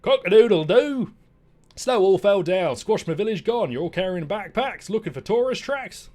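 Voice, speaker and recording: A man voicing a loud, pushy rooster in a storybook read aloud during a game stream, crowing in a shrill, rhyming sing-song. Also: lively intonation, normal speed.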